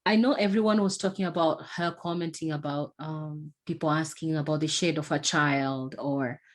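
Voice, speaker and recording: A woman hosting a podcast, talking in a casual, halting way with many fillers and restarts. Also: sits low, steady tone. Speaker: podcast host. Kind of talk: casual conversation.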